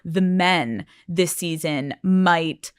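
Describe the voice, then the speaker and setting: A woman hosting a podcast interview who asks gentle, probing questions. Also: lowish voice, extremely slow, smooth, no room sound, studio quality. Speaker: podcast host.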